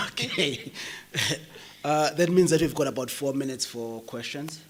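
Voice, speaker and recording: A man with a South African English accent chairing an academic session with a hoarse voice, joking easily with the audience. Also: medium pitch, unhurried. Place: university lecture hall.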